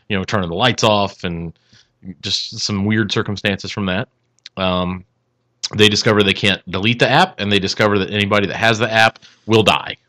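A man on a podcast summarizing a horror film plot in a halting, filler-heavy way. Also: lowish voice, bright, forceful tone. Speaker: podcast guest who picked the film. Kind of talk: casual chat.

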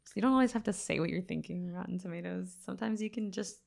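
A woman co-hosting a casual podcast chat, teasing and joking with quick interjections. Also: on the low side, vocal fry, darkish tone. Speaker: podcast co-host.

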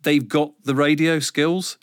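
A man in his fifties, a radio presenter, talking casually in an interview, lively and quick to swear and mimic others. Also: a little high, no echo, clean studio sound. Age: 50s. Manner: animated, swears, mimics voices in anecdotes.

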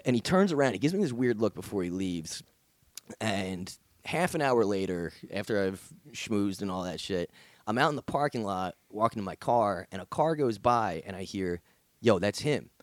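Animated profane comedian telling a story. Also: male voice, lowish voice, moderate pace, dry recording. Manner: animated, profane, acts out the people in his story. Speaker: stand-up comedian. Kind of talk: casual storytelling chat.

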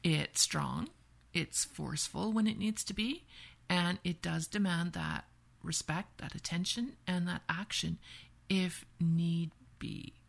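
A Canadian yoga and women's empowerment teacher discusses boundaries in a casual podcast conversation, acting out example phrases and frequently asking "right?". Her voice is fairly low and creaky, and she takes her time.

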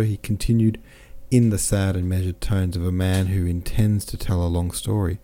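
Man reading a classic novel, steady and measured, low voice, super mellow dark tone. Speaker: audiobook narrator. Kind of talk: scripted narration of a classic novel.

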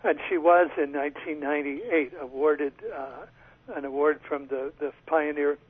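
A man's voice: a little high, little pitch movement, normal speed, husky, no echo. A male author being interviewed by phone from home, telling a story thoughtfully with small restarts and laughs. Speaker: author guest. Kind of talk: radio interview over the phone. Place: home in Northern California. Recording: tinny phone line.

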